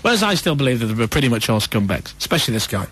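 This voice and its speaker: A man hosting a breakfast radio show, telling a story in a bouncy way and snapping into quick voices for each character. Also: medium pitch, sing-song, a bit bright, slightly rough. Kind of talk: radio show chat and anecdote.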